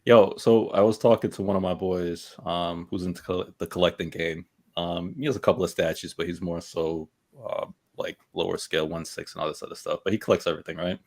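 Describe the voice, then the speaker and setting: A man's voice: sits low, a little fast, hardly any pauses. A man co-hosting a casual podcast chat about collecting statues, telling stories animatedly and acting out what his friends said. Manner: animated storyteller, acts out quoted friends. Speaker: podcast co-host.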